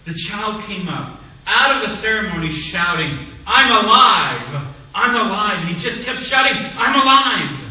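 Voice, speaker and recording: Preacher man in an echoey church. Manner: dramatic swings between loud exclamations and hushed low phrases. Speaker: pastor. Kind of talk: sermon. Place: church sanctuary. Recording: echoey church hall, mic at a distance.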